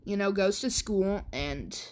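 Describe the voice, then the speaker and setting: A woman tells a fan story in a casual, rambling way, leaning on fillers and restarting her sentences. She talks at a slow, unhurried pace in a mid-range voice. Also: medium pitch, a little mellow.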